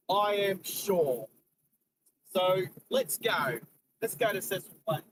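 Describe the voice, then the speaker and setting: A man's voice: high voice, wildly swooping pitch, measured pace, noisy background. An Australian man hosting a live stream from his car, chatting with viewers as he drives and points out sights along the road. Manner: chatty, jumping between road commentary and viewer chat. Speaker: host of a live driving stream. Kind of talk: casual live-stream chat while driving.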